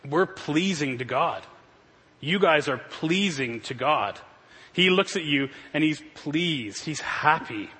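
Male pastor in his thirties, slightly husky and a bit high-voiced, preaching with earnest storytelling in a long-echo hall. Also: lively intonation, slow, bright, forceful tone. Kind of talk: sermon. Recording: reverberant hall.

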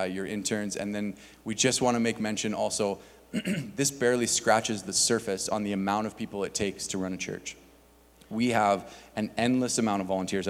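A man on a church staff giving casual announcements to the congregation, with many filler words. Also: on the low side. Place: church sanctuary. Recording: long hall reverb.

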